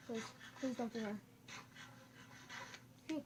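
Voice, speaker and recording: A goofy, excitable gameplay commentator who breaks into sudden loud outbursts, recorded on a camera microphone. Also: mid-range voice, takes it slowly, long pauses, slight background noise. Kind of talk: casual let's-play commentary.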